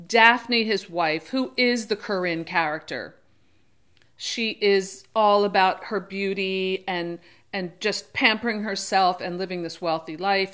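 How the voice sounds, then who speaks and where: Speaking in a fairly low pitch with a fairly bright tone, a woman who reviews books on her own channel keeps things chatty and casual. She drifts off topic, frequently stops to correct herself, and briefly voices the characters when quoting them.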